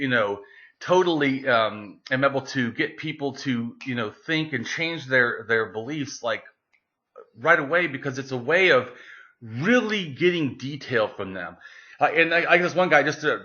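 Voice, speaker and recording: A man, as an interview guest, telling a story in a casual, animated way, with many fillers and restarts. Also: medium pitch, moderate pace. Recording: lo-fi, dull sound.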